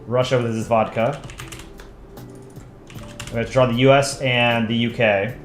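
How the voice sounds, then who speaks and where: A man's voice: medium pitch, fairly even intonation, measured pace, echoey room, soft background music. A man casually chatting with his stream audience while drawing, thinking aloud and answering chat requests.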